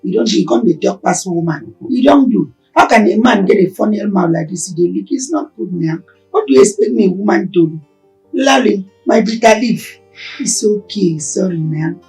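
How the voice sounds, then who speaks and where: A woman's voice: medium pitch, animated, normal speed, a little mellow, far from the mic, soft background music, natural voice, rough recording. A woman playing a defensive city girlfriend. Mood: scolding. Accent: Nigerian Pidgin. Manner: pleading, argumentative. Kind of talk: Nollywood film acting.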